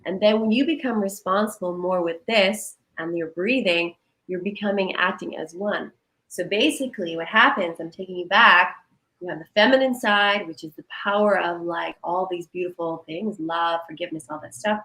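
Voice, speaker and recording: Woman, energy healer, animated coaching talk, video call audio, roomy echo. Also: fairly low pitch, moderate pace. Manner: animated, guiding listeners through exercises.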